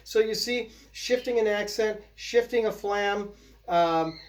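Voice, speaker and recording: Slowly and at medium pitch, a drum teacher walks through a casual lesson, counting out each pattern as he drums. The snare is loud in the background.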